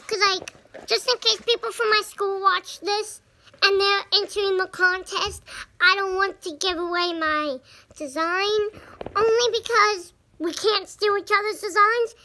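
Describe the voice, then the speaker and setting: A woman's voice: very high-pitched, pushed and bright, a little hiss or hum. A young girl of about nine chatting bubbly in a home vlog, with many fillers. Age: child, about 9. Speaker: vlogger. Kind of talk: casual vlog chat.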